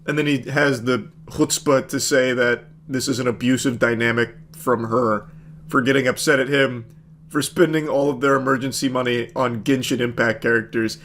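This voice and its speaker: A man's voice: mid-range voice, fairly even intonation, moderate pace, fairly bright tone. A man giving sarcastic, mocking commentary as he reacts to what he reads.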